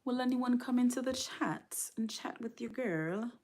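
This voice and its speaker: A woman's voice: a little high, unhurried, a little mellow, voice pushed up. A woman playfully faking a clumsy, exaggerated British accent. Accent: mock British.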